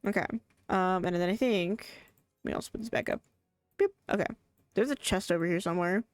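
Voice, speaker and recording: A woman's voice: on the low side, a little fast, no echo. Chatty woman streamer, dry close sound. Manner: chatty, rambling, laughs often. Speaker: game streamer. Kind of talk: casual live gameplay commentary.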